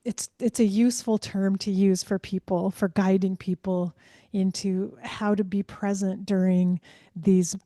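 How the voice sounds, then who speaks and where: A woman hosting an interview, gentle and appreciative in tone. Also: medium pitch, little pitch movement, measured pace, dry recording, studio quality. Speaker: podcast host. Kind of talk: conversational interview.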